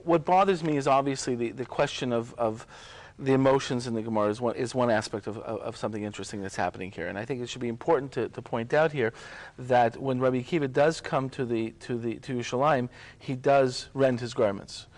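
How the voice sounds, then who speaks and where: A man's voice: mid-range voice, steady tone, fast. A man, a rabbi, talking in a scholarly discussion in a hesitant way, with many restarts and repeated words.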